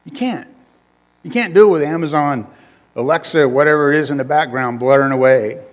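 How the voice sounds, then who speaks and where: A man's voice: on the high side, fairly quick. A male preacher giving a sermon in a conversational style, repeating phrases and joking with the congregation. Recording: long reverb of a hall.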